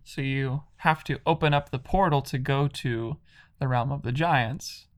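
A man's voice: mid-range voice, a little slow. A man casually retelling a video game's story, rambling with lots of "like".

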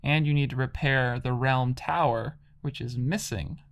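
A man's voice: mid-range voice, steady tone, measured pace. A man casually retelling a video game's story, rambling with lots of "like".

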